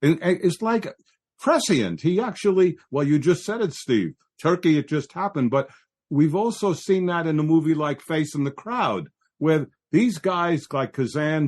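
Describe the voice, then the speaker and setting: A man's voice: on the high side, a little mellow. A man co-hosting a classic film podcast, talking enthusiastically and laughing easily. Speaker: podcast co-host. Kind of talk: casual film discussion.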